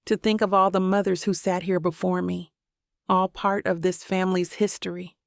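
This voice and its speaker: A woman's voice: lowish voice, level tone, normal speed, gravelly, dry recording. A woman narrating a first-person romance audiobook in a tender, reflective manner, recorded on a close mic.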